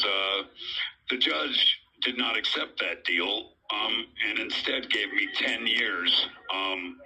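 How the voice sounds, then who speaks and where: A man's voice: on the low side, bright, forceful tone, husky, rough recording. A middle-aged man giving a rambling, earnest account of his own legal case, full of hesitations and fillers. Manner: earnest, pleading. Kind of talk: unscripted personal account.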